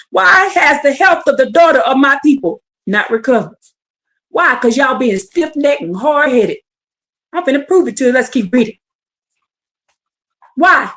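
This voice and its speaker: A woman with a high, bright-pitched voice reads scripture on a livestream. She breaks into blunt, fiery, profane commentary and presses her listeners with pleading rhetorical questions. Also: lively intonation, unhurried, pauses often. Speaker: scripture teacher. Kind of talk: livestreamed Bible reading with commentary.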